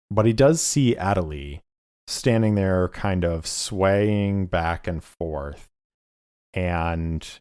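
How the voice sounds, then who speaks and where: Measured male game master, unhurried, dry close mic. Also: deep voice, a little mellow, no room sound. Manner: measured, reads rules aloud. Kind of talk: narrating a solo tabletop game.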